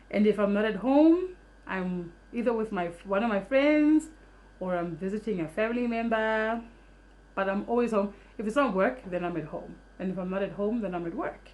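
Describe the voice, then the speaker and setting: Young woman vlogger, rapid animated storytelling, salty language, casual. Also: mid-range voice. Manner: fast, animated storytelling, swears freely.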